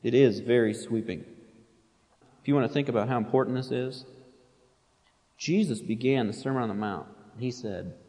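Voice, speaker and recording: A man's voice: medium pitch, fairly quick, pauses often, mellow. A man preaching a sermon, reading quotations aloud with rising intensity and otherwise explaining in a plain, conversational way. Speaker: pastor. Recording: long hall reverb.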